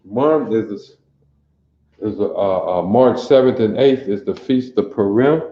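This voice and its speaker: A man's voice: fairly low pitch, unhurried, reverberant, lo-fi sound, slight background noise. A man from teaching a livestreamed Bible class, quizzing his listeners and repeating phrases over and over to drill them. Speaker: religious teacher.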